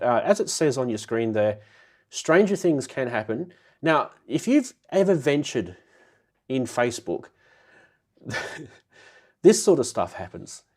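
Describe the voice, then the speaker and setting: A man hosting a live synth show in casual chat, his voice nasal and muffled from a cold, chatty and quick to laugh as he greets viewers by name. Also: mid-range voice, a little mellow.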